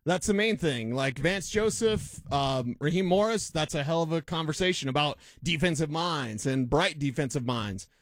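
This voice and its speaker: A man's voice: fairly high pitch, expressive, normal speed, few pauses, no echo. A man co-hosting a sports talk show, giving emphatic, opinionated takes in casual debate. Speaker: sports analyst co-host.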